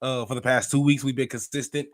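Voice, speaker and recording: A man hosting a live wrestling podcast, talking in a laid-back, joking, slangy way with a voice that is going hoarse. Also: medium pitch, little pitch movement, fast, dry recording, studio quality. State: losing his voice. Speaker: podcast host. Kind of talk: casual live podcast chat.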